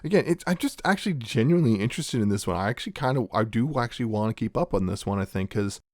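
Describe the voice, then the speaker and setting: A man's voice: mid-range voice, animated, no echo, studio quality. A man co-hosting a casual podcast, rambling as he recaps anime plots. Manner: rambling, recaps plots with quick acted quotes and laughs. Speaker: podcast co-host. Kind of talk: casual chat reviewing anime.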